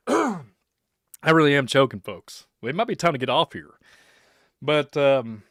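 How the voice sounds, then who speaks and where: A man's voice: on the high side, very animated, a little slow, fairly bright tone, dry recording, clean studio sound. A man from Kentucky with a Kentucky accent, hosting a casual livestream podcast in a rambling, speculative, joking way. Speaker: podcast host.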